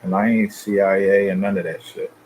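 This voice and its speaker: A man's voice: low-pitched, level tone, brisk, darkish tone, a little hiss or hum, poor audio. A man hosting his channel, talking loosely and profanely in a confrontational rant to his viewers. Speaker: channel host.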